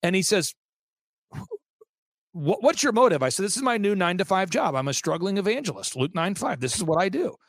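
A man with a high voice tells an animated anecdote as an interview guest. He acts out the people he quotes and restarts his sentences often. The sound is dry and close. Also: a little fast, dry recording. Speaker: interview guest, event organizer. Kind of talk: fast storytelling anecdote.

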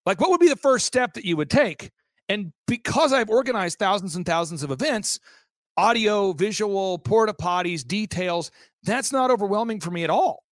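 A man, a guest on an interview show, telling an animated story and acting out the voices of people he quotes, with many restarts. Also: high-pitched, normal speed, no room sound, studio quality. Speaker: interview guest, event organizer. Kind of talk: fast storytelling anecdote.

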